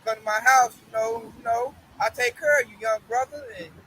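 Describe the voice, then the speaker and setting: A man voicing a smooth-talking pastor offering money, in a halting coaxing way. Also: extremely high pitch, steady tone, pushed and bright, slight background noise, low-quality recording. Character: smooth-talking middle-aged male pastor, bribing.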